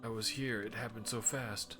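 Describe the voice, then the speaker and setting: A man reading aloud the lines of a small lost fairy creature from a video game, soft and pleading. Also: steady tone, moderate pace, music in the background, close to an everyday voice. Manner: soft, pleading, higher than his own voice.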